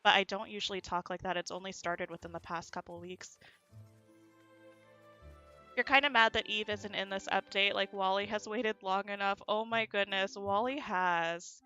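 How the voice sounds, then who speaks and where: Playing a game and replying to her chat, a female streamer talks casually in a neutral American accent, often ending sentences on a rising note; she is from the United States. Her mid-range voice is bright, forceful, clear and resonant, with fairly even intonation at a normal speed. The recording is muffled, with soft background music.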